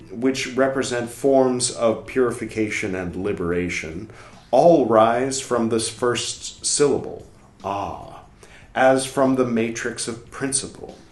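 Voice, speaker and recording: Slow, deliberate man reading aloud. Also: medium pitch, a little mellow. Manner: pauses to comment on the text with small asides. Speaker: reader of a text on Buddhist mantras. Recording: roomy echo, faint music behind.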